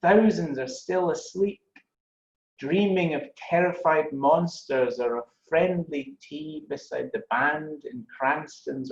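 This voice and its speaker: A man's voice: mid-range voice, creaky, echoey room, muffled recording, a little hiss or hum. A man reciting a poem aloud with a rolling, rhythmic delivery.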